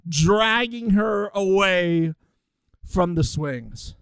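A woman's voice: medium pitch, very slow, vocal fry, smooth, no room sound. A woman co-hosting a podcast, telling stories animatedly in casual chat. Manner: animated storytelling, mimics people. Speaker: podcast co-host.

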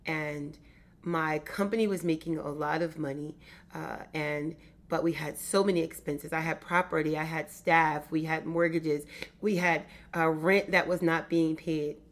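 A middle-aged woman giving an emphatic motivational business talk, repeating phrases for effect. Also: on the low side. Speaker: business coach.

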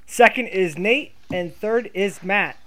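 A man's voice: high voice, slow, fairly bright tone. A man co-hosting a casual podcast, dropping wry, teasing comments. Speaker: podcast co-host.

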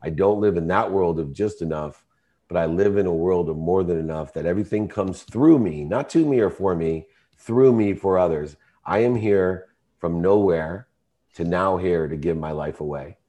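Deep-voiced man telling an emotional story. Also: normal speed. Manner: emotional, emphatic, rising to shouting in quoted arguments. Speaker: entrepreneur guest. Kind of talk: storytelling in an interview.

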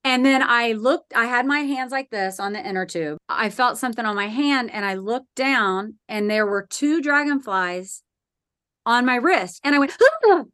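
A woman guest on a podcast, telling a personal story in a lively way and acting out the voices in it. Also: fairly high pitch, moderate pace, clear, resonant tone, dry recording, clean studio sound.

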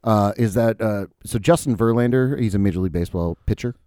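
A man's voice: on the low side, fast, warm tone, dry recording, clean studio sound. A man co-hosting a podcast, talking in rambling, profane, joking banter. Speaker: podcast co-host. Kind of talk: casual banter.

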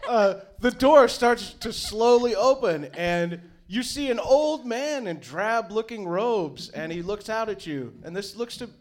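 A man running a tabletop game, narrating scenes in a casual, loose way with plenty of filler words. His voice sits high and moves around a lot. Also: lively intonation, unhurried, few pauses. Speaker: game master.

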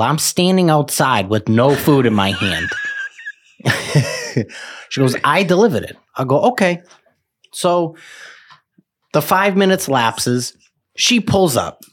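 A man telling a long gripe story on a podcast. His voice sits at an ordinary pitch. He talks in a loose, profane, aggravated way, stacking details as he goes. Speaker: podcast co-host. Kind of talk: casual chat.

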